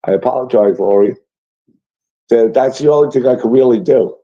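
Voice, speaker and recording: A man's voice: mid-range voice, normal speed, mellow. A man hosting a casual livestream, reading chat messages aloud and answering them in a rambling, apologetic way with many fillers. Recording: dull lo-fi stream audio.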